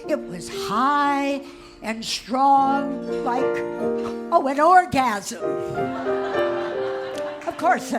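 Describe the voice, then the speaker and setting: A woman in her nineties from Boston telling comic stories of her life on a cabaret stage in a slow, deliberate, wry delivery. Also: high-pitched, lively intonation, loud music behind the voice. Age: 90s. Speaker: comedian. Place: live stage at a cabaret venue.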